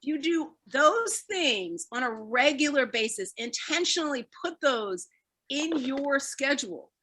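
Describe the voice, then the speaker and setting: A woman leading a laughter and stress-relief workshop, energetic and encouraging, laughing often as she explains. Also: high voice, measured pace. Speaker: fitness speaker leading a wellness talk. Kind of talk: live online wellness workshop.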